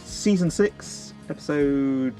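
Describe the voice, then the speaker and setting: English guy rambling and joking, slightly higher voice, faint music under it. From England. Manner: joking and rambling, quick to laugh. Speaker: co-host of a reaction channel. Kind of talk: casual chat.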